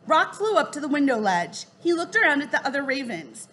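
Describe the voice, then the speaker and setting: A woman reading a children's story aloud in a clear, steady way, dropping her voice for the speech tags. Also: high voice, fairly quick, slight background noise. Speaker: narrator.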